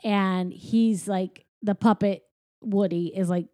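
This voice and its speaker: A woman in her thirties casually recapping a movie plot, jumping into quick character voices as she retells scenes. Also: mid-range voice, no echo. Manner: animated, acts out characters' lines in quick voices.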